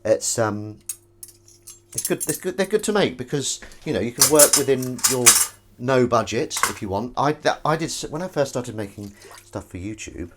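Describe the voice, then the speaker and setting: A man's voice: medium pitch, lively intonation, normal speed, heavy background noise. A man chatting casually on a live stream while he washes up in his home kitchen, rambling and self-mocking as he reads viewers' comments. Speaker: streamer hosting a washing-up livestream. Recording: dish clatter in the background. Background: clattering dishes and cutlery.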